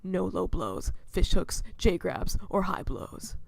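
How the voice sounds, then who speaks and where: A woman voicing a gruff, brooding middle-aged man and intense film snob, in a low, breathy half-whisper that turns pompous when he lectures. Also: animated, slow, no echo, exaggerated voice. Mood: menacing. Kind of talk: voicing a visual novel character.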